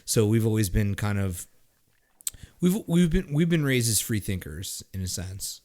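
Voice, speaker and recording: A man's voice: lowish voice, very animated, unhurried, darkish tone. Profane rambling man from Montreal. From Canada (Montreal). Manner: profane, rambling, with frequent restarts and "like" fillers. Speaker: podcast host. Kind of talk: casual storytelling chat.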